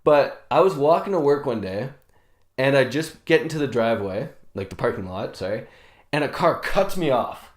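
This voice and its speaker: A man's voice: medium pitch, expressive, moderate pace. A young man co-hosting a casual podcast, telling stories with lots of swearing and laughter and acting out what people said. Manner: swearing, laughing, acts out quotes loudly. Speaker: podcast co-host. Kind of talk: casual chat, storytelling. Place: sauna.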